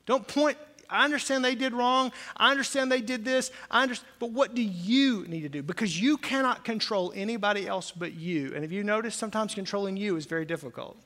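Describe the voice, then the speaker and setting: Impassioned high-voiced preacher in a reverberant hall. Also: male voice, brisk. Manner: impassioned, rising to loud emphatic peaks then dropping to hushed intensity. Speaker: pastor. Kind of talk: sermon. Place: church sanctuary.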